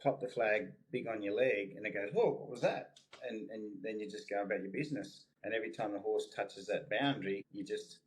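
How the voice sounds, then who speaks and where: A man, a horse trainer, explaining his methods in a relaxed, casual interview with everyday comparisons. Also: lowish voice, brisk, few pauses, poor audio.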